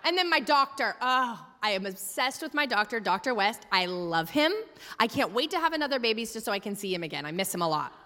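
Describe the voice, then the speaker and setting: Preaching with lots of fillers and a chatty, funny storytelling approach, a young woman pastor fills a large church hall whose long reverb trails her words. Her slightly high voice is very animated, brisk, and sharp-toned.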